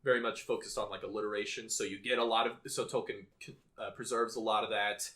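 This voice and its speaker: A man's voice: lowish voice, level tone, quick pace, sharp tone. A young man co-hosting a podcast in casual chat, bookish and rambling, often restarting his sentences. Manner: reads poetry aloud. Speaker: podcast co-host.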